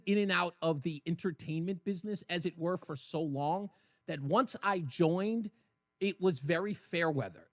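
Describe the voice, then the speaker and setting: A man hosting a call-in talk radio show, lively and laughing at his own jokes. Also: fairly high pitch, no echo, studio quality. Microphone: studio microphone.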